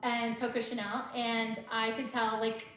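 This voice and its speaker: A woman's voice: fairly high pitch, flat delivery, a little slow, fairly bright tone. A woman, chatting casually as host and telling stories with a lot of laughter. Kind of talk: casual chat. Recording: very echoey room, faint noise.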